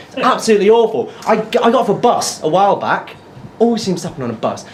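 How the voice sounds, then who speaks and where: Here a high-voiced, fast-talking British man works through a comedy set, telling animated stories and talking with audience members. Background noise from the live venue is clearly audible.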